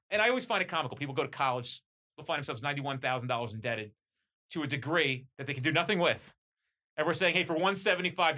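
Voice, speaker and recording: A man who runs police training, talking in a casual, enthusiastic podcast conversation. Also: medium pitch. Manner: animated, enthusiastic storyteller. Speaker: police training company owner.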